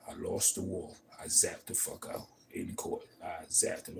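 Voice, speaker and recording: Man, livestream monologue, profane, emphatic, rambling, low pitch, faint background noise. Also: lively intonation, measured pace, creaky, rough recording. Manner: profane, emphatic, rambling storytelling with frequent filler tags; swings between loud outbursts and low mutters. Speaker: livestream host.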